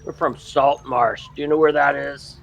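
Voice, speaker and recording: A man's voice: fairly high pitch, fairly even intonation, normal speed, gravelly, soft background music, poor audio. A man playing a tabletop game, talking in a laid-back and hesitant way. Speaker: player. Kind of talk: casual tabletop game chat.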